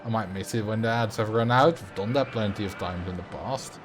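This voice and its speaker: A man's voice: on the low side, fairly quick. Chatty man streaming a game. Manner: rambling, chatty, answers chat aloud. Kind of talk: casual live gameplay commentary. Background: faint game music.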